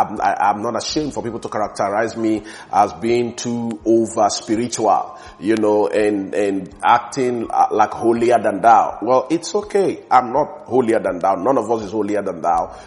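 A man preaching a sermon with emphasis, repeating words for stress and swinging between soft and loud passages. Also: lowish voice.

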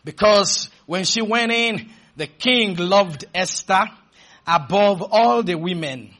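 A male pastor preaching a fervent sermon, leading the congregation in call-and-response and switching between shouted declarations and quick, playful asides. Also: sits high, lively intonation.

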